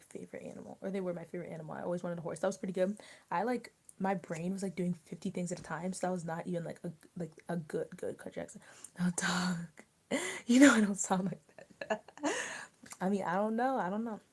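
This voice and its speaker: A young woman from Maryland hosts a casual livestream, chatting to her viewers in a loose, rambling way. Her speech is full of fillers and restarts. Her voice is warm and mellow. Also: lowish voice, fairly quick, slightly rough. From Maryland, USA. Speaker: livestream host.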